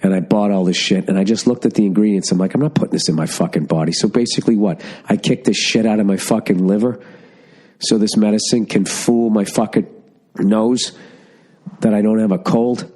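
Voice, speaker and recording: A man's voice: on the low side, moderate pace. Stuffy man ranting into a podcast mic. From Massachusetts. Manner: profane, ranting, storytelling, animated asides. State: stuffy, congested from a cold. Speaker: podcast host. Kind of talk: casual solo podcast rant. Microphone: studio podcast mic.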